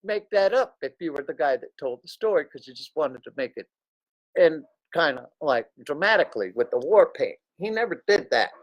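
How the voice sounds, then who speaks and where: A man's voice: fairly high pitch, expressive, moderate pace, dull audio. A man hosting a livestream, telling a crude, joking story in a loose, digressive way. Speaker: livestream host. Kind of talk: rambling anecdotal storytelling.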